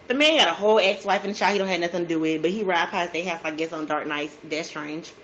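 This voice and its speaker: A woman's voice: fairly low pitch, a bit bright, slight background noise, low-quality recording. Chatty woman spinning a true crime tale. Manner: chatty and slangy, with drawn-out asides. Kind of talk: casual true crime storytelling over a food video.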